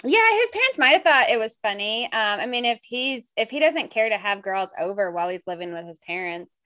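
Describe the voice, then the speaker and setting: A woman's voice: mid-range voice, a little fast, no room sound. A young woman co-hosting a casual podcast, reading listener stories aloud and laughing often. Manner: giggly, animated, laughs often while reading. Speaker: podcast co-host.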